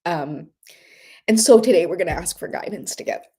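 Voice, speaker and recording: Over background noise, a woman with a fairly low pitch speaks briskly as she hosts a live oracle card show. She rambles casually, earnest and tearful, and then leads a breathing exercise.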